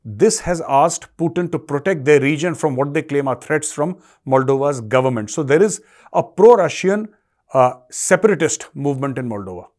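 A man's voice: on the high side, a little mellow. A man with an Indian accent hosting a solo current affairs commentary, lecturing the audience and repeating key points for emphasis. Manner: lecturing, addresses the audience directly. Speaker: show host and commentator.

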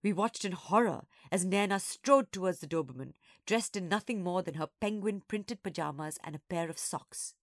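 A woman storyteller reading a children's story aloud, expressive and acting out each character. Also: on the low side, normal speed, few pauses, dry recording, studio quality.

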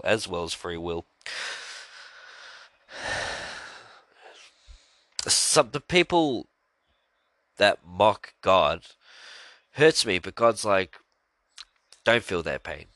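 A man's voice: sits low, slow, pauses often, pushed and bright, dry recording. A man hosting a podcast, talking earnestly and rambling about his faith, with frequent fillers and sighs. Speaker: podcast host. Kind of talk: casual religious monologue.

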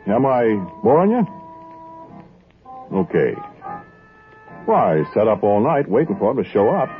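A man's voice: mid-range voice, big pitch swings, unhurried. A man narrating and acting the lead in a 1940s radio drama, talking in a hesitant, rambling, pleading way. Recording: tinny old radio broadcast with music.

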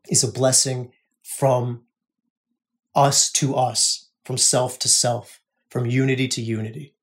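A man hosting a spiritual podcast, talking earnestly in a monologue, repeating phrases and often dropping to a soft hush. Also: on the high side. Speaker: podcast host.

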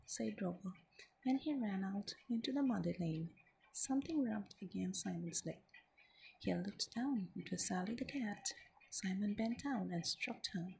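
Whispered ASMR storyteller, woman, gentle with a gravelly fry. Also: medium pitch, expressive, unhurried, a little hiss or hum, rough recording. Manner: gentle, soft-spoken, often whispering.

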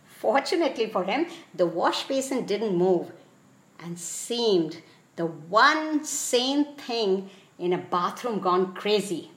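A woman hosting a podcast, reading a whimsical story aloud in a playful, expressive storybook narration. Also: mid-range voice, slow pace. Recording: echoey room.

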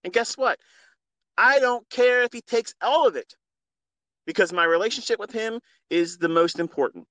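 A man's voice: sits high, normal speed, dry recording. Earnest, profane man preaching into a phone. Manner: earnest, preachy and profane, swings from quiet to loud. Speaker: trading mentor hosting a live audio space. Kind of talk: impassioned unscripted monologue.

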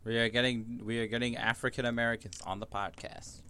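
Young man, podcast co-host, rambling, edgy jokes, laughs at himself, average pitch, on his phone. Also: level tone, fairly quick, pushed and bright, smooth. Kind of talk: casual chat. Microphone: phone on a voice call.

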